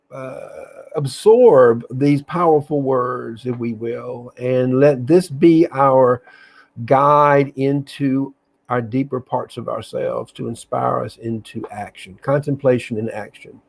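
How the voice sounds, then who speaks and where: A man hosting a reflective online session, talking in an earnest, halting way with restarts, then reading a poem aloud slowly. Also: medium pitch, creaky, darkish tone. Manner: reads slowly with long pauses. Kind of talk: casual live talk and slow poetry reading.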